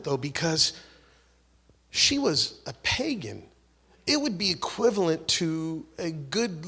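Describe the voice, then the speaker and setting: A man preaching a sermon, swinging between loud exhortation and hushed, whispered prayer, acting out the voices he quotes. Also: fairly high pitch. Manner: acts out quoted voices, repeats words and restarts.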